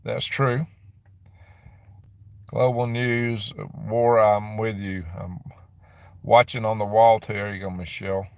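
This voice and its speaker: Low-ish, flat, and gravelly, the voice belongs to a middle-aged man hosting a casual stream from a dim room on his property. He reads the chat, rambles, and answers comments with quick laughs. The recording is dry.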